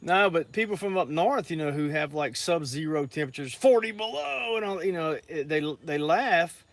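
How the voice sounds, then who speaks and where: A man's voice: on the high side, normal speed, a bit bright. A man keeps an easygoing chat going. He talks with viewers and laughs often. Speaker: farm co-host reading live comments. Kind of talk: casual chat.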